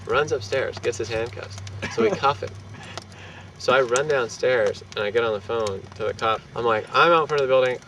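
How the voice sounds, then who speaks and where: Animated man telling a street story. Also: mid-range voice, normal speed. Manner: animated, profane, acts out quotes. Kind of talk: casual anecdote. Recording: distant mic, loud street and traffic noise.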